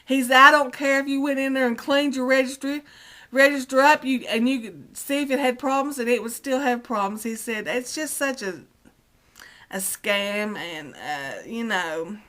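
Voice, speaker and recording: A woman's voice: high-pitched, normal speed, sharp tone. A middle-aged woman vlogging an indignant rant, retelling a phone call line by line with many "I said". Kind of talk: angry personal rant.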